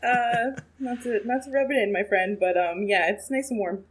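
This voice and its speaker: A woman's voice: on the high side, moderate pace, slightly rough. A woman co-hosting a casual podcast chat, cheerful and teasing. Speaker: podcast co-host.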